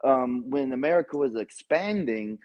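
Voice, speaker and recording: A man's voice: medium pitch, animated, normal speed, darkish tone, lo-fi sound. Caller: man, mid-range voice, lecturing, filler-heavy, argumentative. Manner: lecturing, many fillers and restarts. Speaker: caller on a livestream. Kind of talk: casual argumentative chat.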